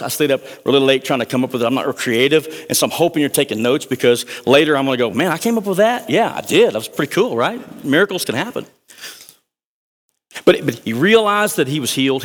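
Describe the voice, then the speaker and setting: A man preaching a sermon as a pastor, energetic and conversational, with jokes and asides to the congregation. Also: medium pitch. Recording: long reverb of a large hall.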